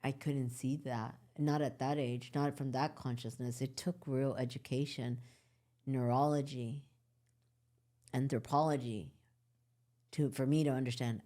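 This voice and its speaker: A podcast host and course creator talks with her listeners directly in a casual, reflective and earnest conversation. Her voice is extremely low, steady, unhurried and warm.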